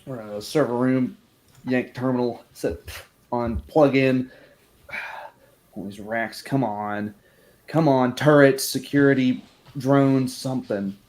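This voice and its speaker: A man's voice: medium pitch, fairly even intonation, slow, long pauses, a little mellow. A man playing in a tabletop game, muttering short, terse commands for his character. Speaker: player.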